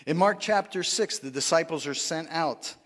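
A man's voice: a little high, normal speed, a bit bright, big-room sound. A pastor preaching a sermon in a conversational way, often asking the congregation for responses and laughing at his own lines. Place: church sanctuary.

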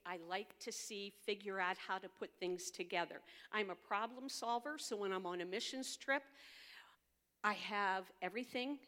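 A woman's voice: mid-range voice, a bit bright. An older woman, a girls' ministry leader and grandmother, giving an earnest, heartfelt personal testimony as a storyteller. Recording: long hall reverb.

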